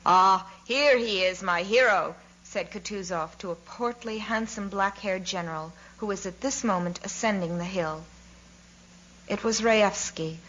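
A woman narrates a classic novel in a measured, expressive way at a middle pitch. The recording is slightly dull and muffled. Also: a little hiss or hum. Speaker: audiobook narrator.

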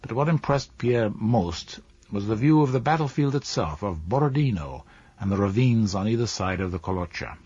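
Male audiobook narrator, husky voice, lowish pitch, measured delivery, dull dry lo-fi recording. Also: animated, darkish tone, no echo. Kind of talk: scripted narration of a classic novel.

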